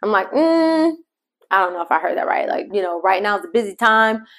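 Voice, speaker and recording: A woman's voice: mid-range voice, very animated, a bit bright. Woman telling a faith story on a podcast. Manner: conversational, storytelling, addresses listeners directly; shifts pace between slow emphasis and quick asides. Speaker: podcast host. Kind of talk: devotional podcast talk.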